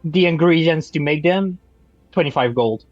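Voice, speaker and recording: A man talks in halting starts and stammers while he plays a tabletop game. His voice sounds dry and a little dull, with faint music underneath. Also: fairly high pitch, no echo. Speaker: player. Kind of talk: tabletop role-play banter.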